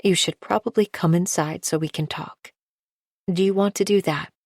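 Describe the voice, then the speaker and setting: A woman narrator voicing a gentle, tearful middle-aged aunt with a hippie air. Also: lowish voice, fairly even intonation, normal speed, no echo, clean studio sound.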